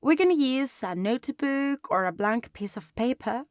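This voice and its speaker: A woman explaining a design lesson step by step in a calm, instructional way, recorded as a close voice-over. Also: sits high, a little slow, no room sound. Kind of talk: online lesson narration.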